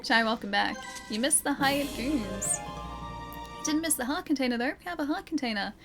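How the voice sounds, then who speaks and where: A young woman with a high voice and lively intonation streams a video game at a moderate pace, game music playing behind her. She chats casually with viewers, giggling between lines and reading the chat aloud as she comments on the gameplay.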